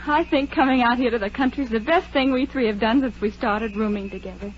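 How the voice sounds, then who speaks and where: A woman plays a shy, easily frightened young woman in an old radio play. Her voice is high and soft. The recording is dull with faint hiss. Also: a little fast, lightly acted. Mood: dreamy. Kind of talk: 1940s radio acting.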